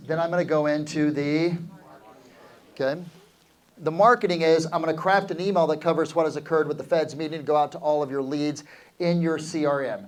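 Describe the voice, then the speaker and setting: A man's voice: a little high, a little fast. A middle-aged man coaching real estate agents in a live seminar, talking energetically and quizzing the audience. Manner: energetic, asks the crowd questions, calls for answers.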